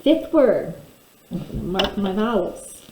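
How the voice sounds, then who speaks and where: Woman teacher, middle-aged, mellow tone, deliberate phonics lesson, echoey room. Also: medium pitch, lively intonation, slight background noise. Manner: slow, deliberate sounding out of letters. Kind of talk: phonics lesson, sounding out words. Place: room at a desk. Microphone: camera pointed at desk.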